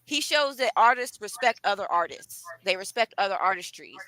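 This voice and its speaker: A woman with a bright, forceful voice talks excitedly to her live-stream viewers, showing off her book. The sound is close and dry, with no room around it. Her delivery is chatty and animated. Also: medium pitch, brisk, dry recording, poor audio. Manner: chatty, enthusiastic, addresses viewers directly. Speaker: author and live-stream host. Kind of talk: lively live-stream chat.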